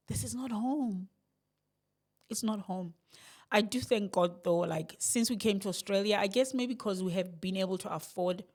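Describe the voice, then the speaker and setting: A middle-aged woman with a South African accent, talking candidly to camera in a reflective, rambling personal vlog, with sighs and soft laughs. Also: fairly low pitch. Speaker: vlogger.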